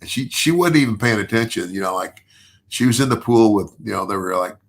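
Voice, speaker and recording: Older male guest, low gravelly voice, loose storyteller who repeats and restarts words. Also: animated, a little fast. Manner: chuckles through his own story. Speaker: podcast guest. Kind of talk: casual storytelling.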